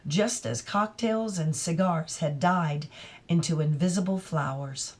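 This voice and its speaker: A woman reading a classic novel aloud in a careful, deliberate narration. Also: deep voice, animated. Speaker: audiobook reader. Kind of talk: literary read-aloud narration.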